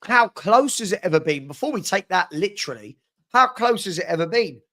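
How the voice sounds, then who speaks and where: A man's voice: sits high, very animated, a little fast, bright, forceful tone. Chatty man with a cold. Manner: chatty, playful, teasing, repeats himself. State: has a cold. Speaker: host of a live fan chat stream. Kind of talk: casual live-stream chat reading viewer comments.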